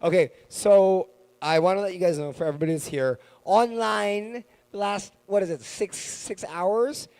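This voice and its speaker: A man hosting a live event in a hotel function hall, talking into a handheld mic with playful, energetic hype. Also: sits high, moderate pace. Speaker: event host. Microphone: handheld microphone.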